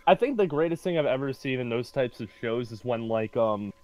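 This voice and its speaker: A man's voice: mid-range voice, no room sound, soft background music. A man on a voice call eagerly telling stories to friends and mimicking what people said. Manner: excitable storyteller, quick to mimic others. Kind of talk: casual group chat on a live stream.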